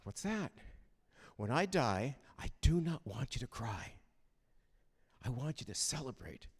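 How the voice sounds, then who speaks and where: A man voicing his frail 99-year-old mother, calm and certain, in a reverberant chapel hall. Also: very deep voice, a little slow, husky, exaggerated voice. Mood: serene. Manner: calm, certain, gently insistent.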